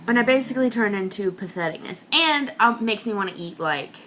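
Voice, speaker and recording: Young woman, comic monologue, ranting and self-mocking, bright tense voice, faint noise behind. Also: lively intonation, brisk, hardly any pauses. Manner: ranting, self-mocking, swings between whispers and high outbursts.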